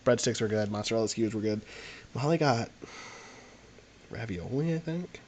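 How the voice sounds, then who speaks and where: A young man tells a meandering story on a podcast. His voice sits a little low, and he piles on fillers as he talks in a loose, chatty way. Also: normal speed, slight background noise. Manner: rambling, animated anecdote with frequent fillers. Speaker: podcast co-host. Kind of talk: casual storytelling chat.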